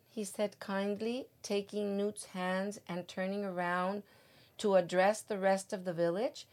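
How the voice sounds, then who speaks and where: An older woman from Mexico reading a picture book aloud as a guest, gentle and unhurried. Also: medium pitch, level tone. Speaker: guest reader.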